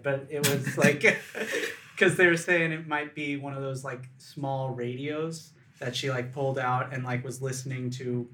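A man's voice: medium pitch, fairly even intonation, a little slow, a bit bright. A young man co-hosting a casual chat, laughing often and swearing offhandedly. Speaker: podcast co-host.

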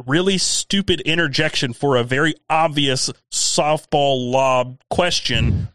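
A man's voice: on the high side, a little slow, fairly bright tone, dry recording. A man with a faint Southern US accent, ranting animatedly in a casual podcast chat and swearing freely. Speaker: podcast co-host.

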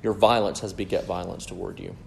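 A man's voice: deep voice, fairly even intonation, brisk, creaky, a little hiss or hum. A man preaching an expository sermon in an emphatic, explanatory way, often checking in with "right?".

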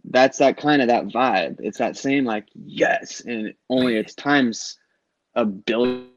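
A middle-aged man tells long, rambling stories about concert trips in casual podcast chat, swearing freely and acting out what people said. His medium-pitched voice takes it slowly. The audio is lo-fi, with no room sound.

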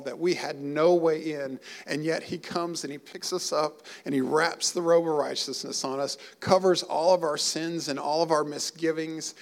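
Guy preaching, gravelly voice, pretty high pitched, gets emotional and builds up. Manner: earnest, emotional preaching with rising emphasis. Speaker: pastor. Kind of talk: sermon.

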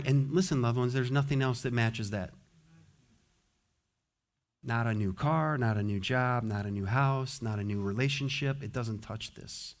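A pastor preaching a sermon with passion, swinging from loud exhortation to soft, low asides. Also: male voice, unhurried. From United States.

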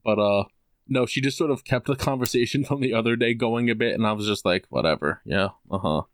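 A man's voice: medium pitch, brisk, dry recording, clean studio sound. A man co-hosting a casual podcast, telling a story animatedly and swearing a lot. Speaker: podcast co-host. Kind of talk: casual chat.

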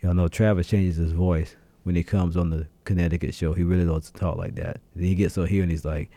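A man co-hosting a podcast alone from a radio studio, chatting casually and talking straight to his listeners in slangy, animated bursts. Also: deep voice, a little fast, no room sound. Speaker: podcast co-host. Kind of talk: casual solo podcast chat.

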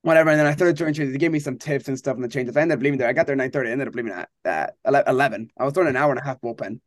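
A young man, a college baseball pitcher, chatting casually and telling animated stories, acting out quotes and laughing often. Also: rapid-fire, dry recording. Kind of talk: casual interview chat.

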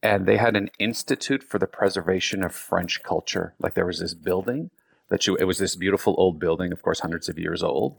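A man's voice: sits low, brisk, creaky, breathy edge, no echo, clean studio sound. A man in casual chat, blunt and ranting, with many fillers and restarts.

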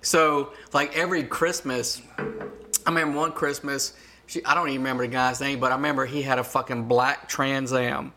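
A man's voice: mid-range voice, flat delivery, fairly quick, noisy background. A man chatting casually and profanely about growing up, in a laid-back, rambling way. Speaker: older brother in the chat. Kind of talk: casual storytelling chat.

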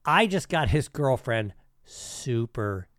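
Podcast co-host, man, loose profane storyteller, pitch all over the place. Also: slow pace, no echo, clean studio sound. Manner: animated, profane storyteller, laughs often. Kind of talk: casual storytelling chat.

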